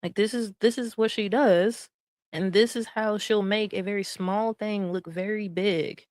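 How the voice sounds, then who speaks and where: A woman's voice: mid-range voice, fairly even intonation, unhurried, a little mellow, no echo, clean studio sound. A woman streamer giving casual commentary on a clip, chatty and laughing often, with many fillers. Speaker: streamer reacting to clips.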